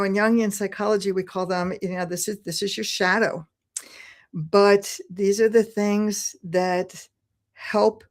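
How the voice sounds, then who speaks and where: A woman speaking as a podcast guest, talking in an earnest, flowing, encouraging way about spiritual growth. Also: mid-range voice. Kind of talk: podcast conversation.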